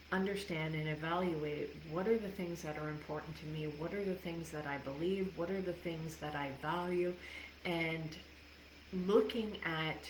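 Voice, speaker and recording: Laughing often and swearing freely, a woman life coach talks candidly to a live audience on a casual livestream. Her voice is fairly low, and there's a little hiss or hum in an echoey room with faint ambience.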